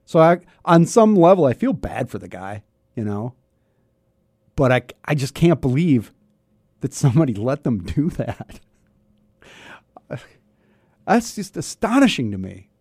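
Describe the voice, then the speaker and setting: A man's voice: medium pitch, sing-song, a little slow, pauses often, a little mellow, husky, no echo. A talk radio host in his fifties speaks in a loose, wry, rambling way, often restarting his sentences. His throat is a bit scratchy. The studio sound is close and dry. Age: 50s. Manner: chatty, self-interrupting, wry. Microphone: studio microphone.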